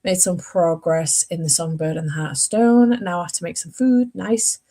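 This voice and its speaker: A woman's voice: fairly low pitch, moderate pace, mellow. A young woman chatting casually about her reading as a book vlogger, rambling, correcting herself and laughing often. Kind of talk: casual chat.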